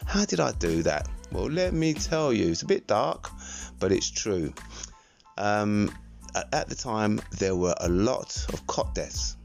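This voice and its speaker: A man's voice: on the low side, sing-song, unhurried, vocal fry, darkish tone, faint music behind. An older man hosting a solo podcast, telling stories in a rambling, laid-back, chatty way. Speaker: podcast host. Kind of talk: reflective solo storytelling podcast.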